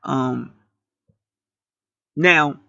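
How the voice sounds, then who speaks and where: This man runs a spiritual channel, speaking at mid pitch, extremely slowly, with a creaky, pushed, bright tone. His monologue is blunt, preachy and full of profanity, wandering with frequent restarts. The sound is dull, lo-fi and dry, with no room sound.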